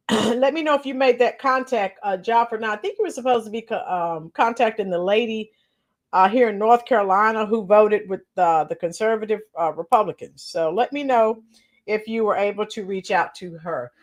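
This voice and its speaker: A woman hosting a casual political livestream, greeting viewers by name with frequent fillers and throat clearing. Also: medium pitch, normal speed. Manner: clears her throat often. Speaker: political commentary channel host.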